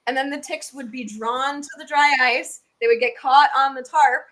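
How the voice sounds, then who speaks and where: Southern woman guest, high voice, casual podcast chat, animated with quick asides. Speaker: guest tick researcher.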